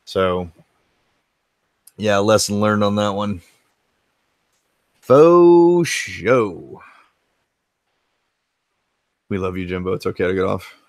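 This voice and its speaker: A man's voice: deep voice, level tone, moderate pace, pauses often, no room sound. An American man hosting a casual retro gaming livestream from his home game room, laid-back and rambling, swearing freely as he answers chat. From United States.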